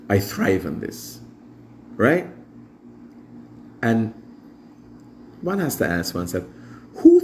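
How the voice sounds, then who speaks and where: A man's voice: lowish voice, slight background noise. A Guyanese man hosting a live morning show, telling stories animatedly and imitating his mother. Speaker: show host. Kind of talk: casual storytelling monologue.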